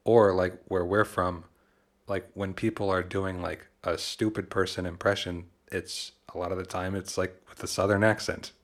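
A man's voice: low voice, level tone, normal speed. A man co-hosting a casual podcast chat, laid-back and hesitant, casually swearing. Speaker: podcast co-host.

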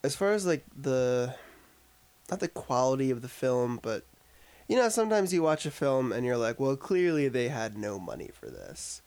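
A man's voice: medium pitch, animated, moderate pace, darkish tone, clear, resonant tone. A man co-hosting a casual podcast chat, reviewing a film in a rambling way full of filler words. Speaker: podcast co-host discussing a film. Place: upstate New York.

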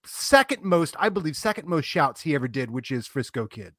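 A man's voice: a little high, big pitch swings, brisk, fairly bright tone, no room sound, studio quality, faint music behind. A man co-hosting a podcast, trading playful banter in a casual film chat. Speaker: podcast co-host.

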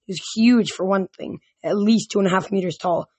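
Halting amateur audiobook narrator. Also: mid-range voice, a little mellow, husky, dry recording. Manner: halting, with frequent restarts. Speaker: audiobook reader.

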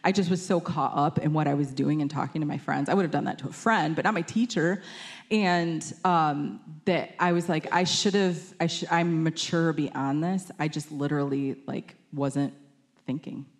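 A woman's voice: low-pitched, moderate pace. A young adult woman preaching informally, chatty, with many fillers and self-corrections while telling a personal story.

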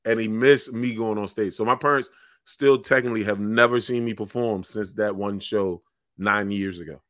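A man who is a stand-up comedian, telling stories in casual podcast chat, animated and swearing freely, often breaking into laughter. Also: on the low side, moderate pace, no room sound, studio quality.

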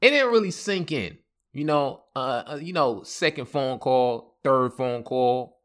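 Animated man telling a story casually. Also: mid-range voice, a little slow. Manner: animated, acts out quoted voices, laughs often. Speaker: podcast host.

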